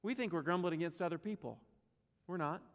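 A man's voice: fairly high pitch, fairly quick, muffled recording. A man preaching a sermon to his congregation, emphatic and repetitive, asking the church questions. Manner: emphatic, repeats words for stress, asks the congregation questions. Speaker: pastor. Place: church sanctuary. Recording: long hall reverb.

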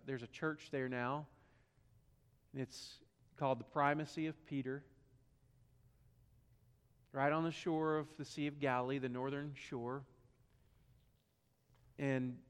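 Here the South Carolina preacher's tone is clean, his Southern voice dropping to quiet, low stretches before rising into forceful rhetorical questions. The sound carries a lengthy reverb tail.

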